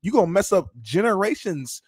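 A man's voice: high-pitched, sing-song, a little fast, a little mellow, breathy edge, no echo, clean studio sound. A man co-hosting a sports talk show, laid-back and street-wise with casual swearing. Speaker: co-host.

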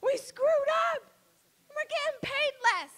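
A woman's voice: very high-pitched, animated, measured pace, fairly bright tone. A woman doing a brash, profane stand-up set, bantering with the crowd from a comedy club stage.

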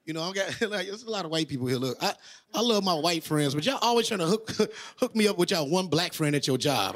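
A man in his thirties doing a stand-up comedy set, telling stories loudly with high-pitched impressions. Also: a little fast. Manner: animated, loud storytelling with high-pitched impressions. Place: comedy stage before a live audience. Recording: loud crowd and noise. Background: crowd laughter.

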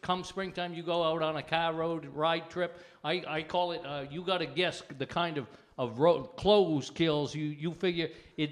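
A man's voice: fairly high pitch, normal speed, few pauses. A man hosting a live comedy show, rambling in folksy casual banter and often losing his thread. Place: studio stage with live audience.

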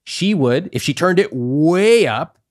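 A man's voice: lively intonation, slow pace. Emphatic man acting out dialogues. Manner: emphatic, acts out quoted exchanges, climbs high for emphasis. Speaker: guest, personal finance author. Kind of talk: animated podcast interview.

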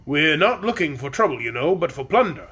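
A man's voice: fairly high pitch, very animated, a little fast, bright, forceful tone, breathy edge, full character voice. A man voicing a proud army general who would rather plunder than fight, in a storybook reading. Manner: proud and matter-of-fact.

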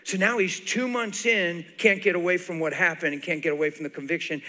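A guest preacher with a fairly high voice delivers a sermon in a large church auditorium, talking fast with hardly any pauses. He tells a personal story with great animation, laughing and crying as he goes. The live recording carries a long hall reverb.

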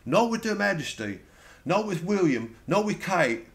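A man's voice: high voice, very animated, measured pace, husky, pitched above the performer's own voice, heavily acted. A man playing a sweary Irishman on television, ranting and rambling with an Irish accent. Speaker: comedian. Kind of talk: satirical character monologue.

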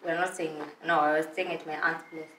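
A woman's voice: deep voice, level tone, a little fast. Coy young woman guest, echoey room. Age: 20s. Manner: coy, evasive, soft-spoken. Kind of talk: casual interview chat.

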